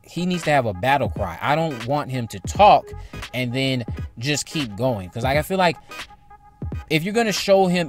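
Man hosting a casual movie-opinion vlog; average pitch, talks in loops and restates his take, light music bed behind. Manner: opinionated, repeats points, rambling. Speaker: movie commentary YouTuber.

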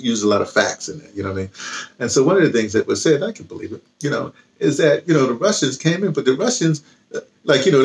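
A man chatting casually about books he has read, rambling and restarting often. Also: mid-range voice. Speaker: vlogger. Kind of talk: casual book talk with reading aloud.

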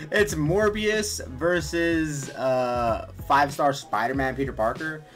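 A man's voice: fairly high pitch, slow, faint music behind. Laid-back man talking through a game. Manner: relaxed, rambling, many fillers and restarts. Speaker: gaming video host. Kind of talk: casual game walkthrough commentary.

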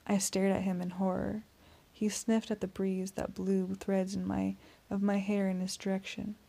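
A woman narrating a first-person audiobook in a steady, tense storytelling voice. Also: medium pitch, normal speed, gravelly.

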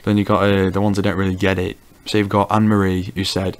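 This man has a very low, deep voice. He delivers a casual comedic commentary as a YouTuber, talking wryly and teasing as he goes. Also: little pitch movement, very fast, creaky, few pauses. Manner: wry, teasing remarks.

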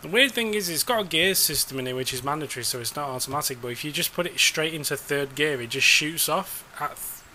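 A man's voice: mid-range voice, pushed and bright, slight background noise. A man giving sarcastic, exasperated commentary while playing a game, swearing now and then. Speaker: gamer.

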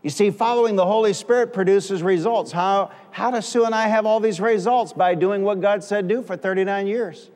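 A middle-aged man preaching as pastor of a church, leading call-and-response and rising to shouts. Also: sits high, fairly even intonation, normal speed, few pauses. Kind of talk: preaching a sermon. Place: church sanctuary. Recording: reverberant church hall.

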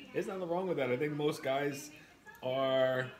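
A man's voice: on the high side, unhurried. A young man hosting a casual live stream, eating while he reads out viewer comments and answers them in a chatty, blunt way. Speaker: livestream host.

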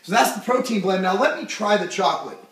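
A young man reviewing a supplement in a jokey vlog, loud and goofy, breaking into shouts. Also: high-pitched, expressive, quick pace, reverberant, recorded from a distance.

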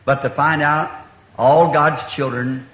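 A middle-aged man preaching in a homespun, colloquial manner, telling stories with rural grammar. His voice sits a little high. The sound is an echoey, muffled 1960s recording from a meeting hall. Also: steady tone, slow. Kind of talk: folksy sermon storytelling.

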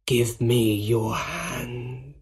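A man voicing a wicked middle-aged male goblin villain in a storybook reading, speaking slowly and menacingly. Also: medium pitch, steady tone, breathy edge, heavily acted. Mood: pleading.

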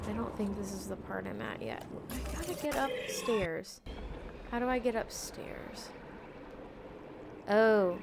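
A woman's voice: mid-range voice, a little slow, creaky, long pauses, very noisy. A woman giving casual, chatty let's-play commentary while streaming a game, exclaiming and joking at herself. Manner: chatty, exclaiming, self-deprecating.

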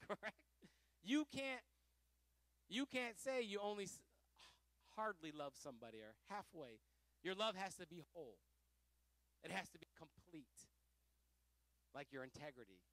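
A man pastor teaching a Pentecostal Bible study, fervent and animated, often laughing and swinging between loud exhortation and soft asides. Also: high voice, dry recording.

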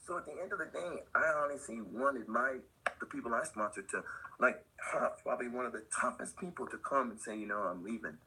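A man's voice: medium pitch, fairly quick, bright, forceful tone, slightly rough, low-quality recording. An older man, a skateboard company owner and podcast guest, telling rambling stories in casual conversation with lots of fillers. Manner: rambling, loose and anecdotal with many fillers.

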